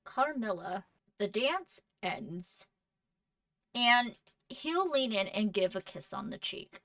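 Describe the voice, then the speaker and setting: A woman running a tabletop role-play as game master, narrating scenes in a measured, descriptive way. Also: medium pitch, lively intonation, bright, forceful tone, dry recording, recorded from a distance.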